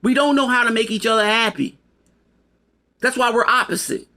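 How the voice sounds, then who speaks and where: A man's voice: extremely high pitch, moderate pace, sharp tone. A man delivering a rambling, profane opinion monologue to camera, emphatic and casual. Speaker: video commentator.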